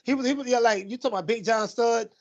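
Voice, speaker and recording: High gravelly man reminiscing, lo-fi. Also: quick pace. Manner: rambling slangy reminiscing with many fillers. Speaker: podcast co-host. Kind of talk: casual chat.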